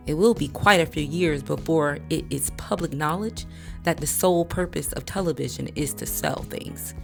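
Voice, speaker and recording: Low-voiced woman reading a memoir. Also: creaky. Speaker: book reader. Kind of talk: audiobook narration.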